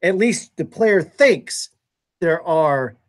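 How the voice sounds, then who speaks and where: A man's voice: on the high side, expressive, slow pace. A man co-hosting a board game live stream, bantering in casual chat with dry, wry teasing.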